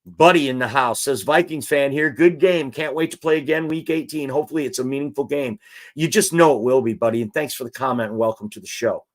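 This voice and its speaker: A man's voice: mid-range voice, brisk. A man hosting a live-stream football show, chatting and reading out viewer comments.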